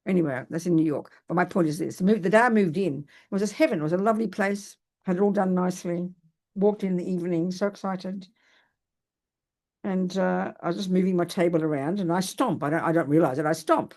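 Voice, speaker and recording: The older woman giving this dharma talk is a Buddhist teacher whose voice sits on the low side and moves a little fast. Lively, self-mocking personal stories fill her talk, with sentences often begun again.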